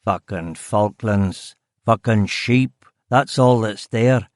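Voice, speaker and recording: A man's voice: medium pitch, normal speed, dry recording, studio quality, natural voice. A man voicing a grizzled, blunt detective chief of about fifty, with a faint Scottish accent. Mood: gruff, weary. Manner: blunt, gruff, swearing.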